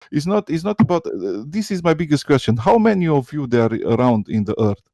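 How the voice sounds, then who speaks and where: Casting: non-native English-speaking man, mellow tone, dry close mic, excited and stammering. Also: on the high side, normal speed, no echo. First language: not English. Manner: excited, stammering, repeats words. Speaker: debate guest. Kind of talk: live online debate.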